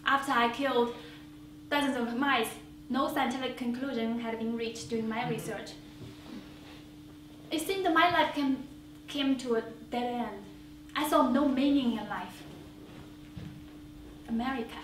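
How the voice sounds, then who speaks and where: A high-voiced woman tells her own story in a one-woman stage monologue, earnest and reflective. Her voice fills a roomy theater and is picked up from a distance, with faint hiss underneath. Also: a little slow, long pauses, a bit bright. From China. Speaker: solo stage performer. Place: small theater stage before an audience.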